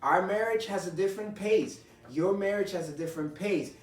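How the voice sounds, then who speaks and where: A man's voice: high voice, normal speed. A man co-hosting a faith-based marriage chat, talking in an earnest, encouraging way and quoting scripture. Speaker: co-host of a marriage ministry show. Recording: roomy sound, mic at a distance, soft music.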